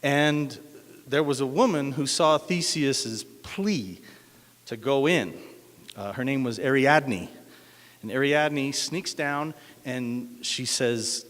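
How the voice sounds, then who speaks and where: A man's voice: mid-range voice, slow, fairly bright tone. A man from Denver telling a myth at a cafe open mic, hesitant with many fillers. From Denver, USA. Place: cafe event room. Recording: echoey hall.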